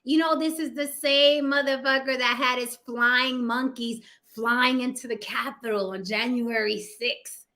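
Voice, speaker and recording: A woman delivers casual opinion commentary with a sassy, profane edge, talking straight to her viewers. Her voice sits high and bright, and she takes her time over each point. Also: steady tone, measured pace, few pauses. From United States. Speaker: commentary vlogger.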